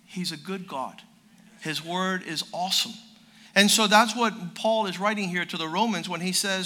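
Male pastor, high bright voice, emphatic repeating sermon delivery. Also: normal speed. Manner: drops to a quiet storytelling voice.

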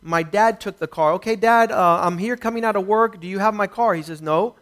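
A middle-aged man with a notably high voice delivers a sermon as a personal testimony. He moves from hushed, reflective stretches to louder, emphatic bursts as he tells his story. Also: a little fast. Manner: storytelling testimony, rising and falling intensity. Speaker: preacher.

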